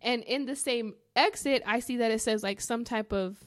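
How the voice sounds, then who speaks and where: A woman co-hosting a podcast, telling a story in a casual, profane, animated way. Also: a little high, normal speed, no room sound. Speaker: podcast co-host.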